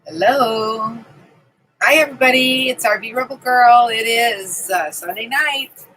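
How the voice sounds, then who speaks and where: Breathy, bright woman chatting on a live stream. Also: a little high, a little slow, low-quality recording. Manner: chatty, greets viewers by name. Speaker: livestream host. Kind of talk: casual live-stream chat. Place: camping trailer.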